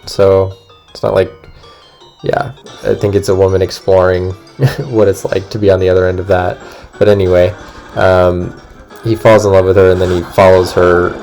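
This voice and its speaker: A man's voice: deep voice, creaky, darkish tone. A man hosting a gaming video, retelling a story casually between gameplay in a rambling, filler-heavy way, swearing now and then. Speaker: gaming channel host.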